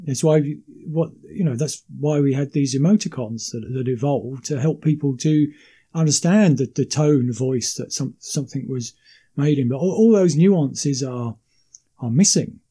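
A man in a casual conversation who explains his views in a measured way, often repeating words as he goes. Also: medium pitch, warm tone, slightly rough.

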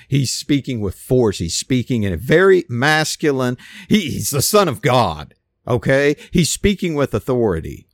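A man preaching an informal sermon, emphatic and animated, with frequent restarts. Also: mid-range voice, moderate pace, no echo, studio quality. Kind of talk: casual sermon.

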